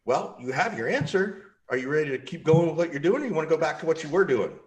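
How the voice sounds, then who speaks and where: A man's voice: a little high, animated, fast. A man speaking on an online sales panel over a video call, emphatic and acting out coaching conversations. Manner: emphatic, acts out coaching dialogues.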